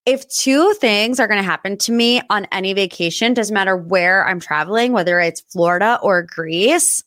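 Woman in her 30s, US pop-culture podcast host, expressive pitch jumps, dry close mic. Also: moderate pace, no room sound. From United States. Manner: chatty and emotional, voice jumping high when excited. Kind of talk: casual solo podcast chat.

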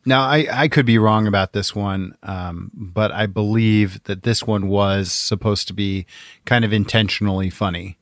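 A man co-hosting a podcast, talking about movies in a relaxed way with frequent fillers. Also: fairly low pitch, normal speed, no echo, clean studio sound. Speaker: podcast co-host. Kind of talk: casual movie discussion.

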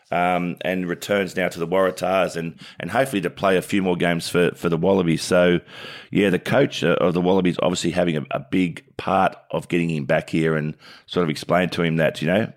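A middle-aged Australian man and former cricketer, co-hosting a casual sports chat in a relaxed, filler-heavy storytelling way. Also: low voice.

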